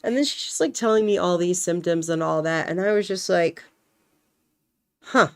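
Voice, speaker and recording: A woman's voice: on the low side, moderate pace. A young woman chatting casually on a stream, rambling animatedly and acting out quotes as she tells a story.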